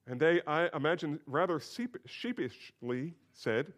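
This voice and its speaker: A man preaching an expository sermon as pastor, moving between quiet asides and rising, emphatic declarations. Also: on the high side, animated, unhurried.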